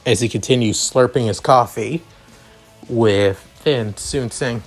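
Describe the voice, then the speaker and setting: A man reading his own fan story aloud in a halting, improvised way, often restarting his sentences. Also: medium pitch, soft background music. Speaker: story reader.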